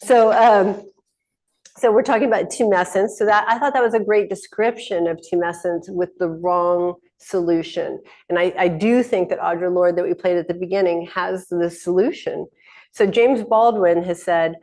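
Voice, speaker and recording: A woman's voice: on the low side, fairly even intonation, normal speed, darkish tone. A middle-aged woman hosting a casual spoken teaching talk, rambling along with frequent restarts and laughs. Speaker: host.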